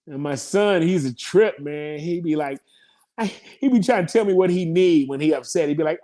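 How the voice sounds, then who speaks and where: A man's voice: a little high, moderate pace, mellow. Profane, laughing man in his fifties. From United States. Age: 50s. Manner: profane, laughing, rambling comic asides. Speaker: comedian guest. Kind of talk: casual interview storytelling.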